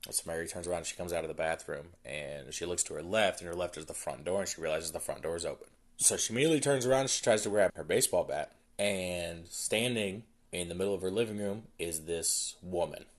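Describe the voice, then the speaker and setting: Low-voiced guy on a podcast, loose rambly plot recap, lots of "like"s. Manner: rambling, filler-heavy storytelling. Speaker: podcast host. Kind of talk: casual movie recap.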